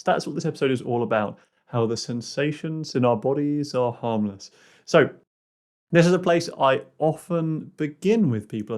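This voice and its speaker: On his solo personal-growth podcast, a male host relates a client story with plenty of filler words and restarts, softening and lowering his voice whenever he quotes the exercise.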